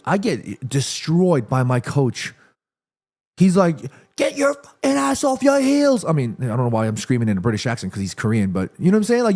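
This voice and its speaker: Excitable man hosting a watchalong. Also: mid-range voice. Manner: excitable, reacting aloud to live play; chatty, addresses viewers and reads their comments. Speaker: watchalong host. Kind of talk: live football watchalong commentary.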